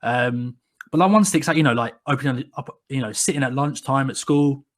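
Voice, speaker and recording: A man's voice: mid-range voice, a little fast. Rambling man. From England. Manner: rambling, many restarts, animated when quoting people. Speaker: podcast co-host. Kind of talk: casual conversational storytelling.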